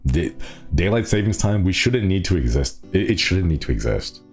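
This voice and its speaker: A man's voice: deep voice, sing-song, moderate pace, a little mellow, faint music behind. A man with a stuffy nose, chatting playfully and rambling on a casual stream from a small city apartment.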